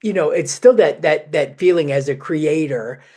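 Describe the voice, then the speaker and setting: A man's voice: on the high side, normal speed, darkish tone. A man hosting a podcast, talking in a chatty way, full of "you know" fillers. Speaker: podcast host. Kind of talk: podcast conversation.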